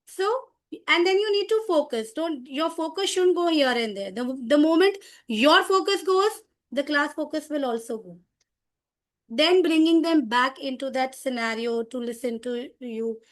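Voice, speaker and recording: A high-voiced middle-aged woman leads a teacher training session. She talks in an animated, demonstrative way and often restarts her sentences as she explains. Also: normal speed.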